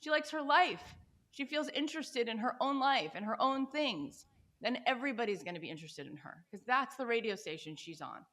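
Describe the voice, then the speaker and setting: A woman in her forties from the United States, a podcast guest telling personal stories in an animated, enthusiastic way and often checking in with "right?". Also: fairly high pitch, brisk. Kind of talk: conversational storytelling interview.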